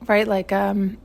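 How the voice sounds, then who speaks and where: A woman talks alone into the mic for her podcast, wandering from thought to thought with many fillers and restarts. She sounds choked up, as if she could cry at any moment. Her voice sits at an ordinary middle pitch. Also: creaky, a little mellow. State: choked up, on the edge of tears. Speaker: podcast host. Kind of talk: casual spiritual monologue.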